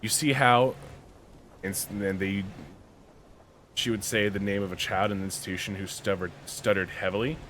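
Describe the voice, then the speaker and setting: A man's voice: deep voice, flat delivery, a little fast, a bit bright, a little hiss or hum. A man co-hosting a podcast, reading a story aloud and breaking off into slangy, joking asides. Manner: reads aloud then riffs with slangy asides. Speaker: podcast co-host. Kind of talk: casual reading and commentary.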